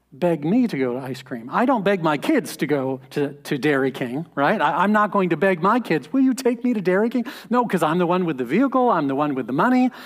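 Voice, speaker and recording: A pastor in his thirties preaching a sermon in an earnest, conversational way, rising for emphasis. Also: on the high side.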